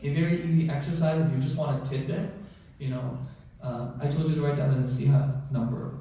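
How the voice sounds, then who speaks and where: A male doctor addresses a mosque congregation conversationally, with frequent "right?" and "you know" check-ins. His higher, dark-toned voice moves briskly with fairly even intonation, echoing from a distance in the large prayer hall.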